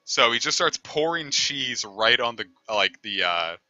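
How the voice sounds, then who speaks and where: A man's voice: medium pitch, expressive, measured pace, sharp tone, no echo, highs cut off. A man streaming a game, telling a long story in a rambling, easygoing way and swearing casually. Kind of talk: casual storytelling over gameplay.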